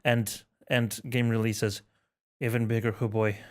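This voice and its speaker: Slow-talking man on a casual podcast. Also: lowish voice, little pitch movement. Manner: jokey, laughs often, rambling with fillers. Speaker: podcast co-host.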